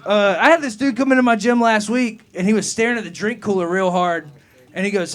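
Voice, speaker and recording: A man's voice: high-pitched, fairly even intonation, quick pace. A young man doing a profane, rambling stand-up set at an open mic, laughing at his own jokes. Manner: gets loud and heated answering a heckler. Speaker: stand-up comedian. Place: comedy club open mic.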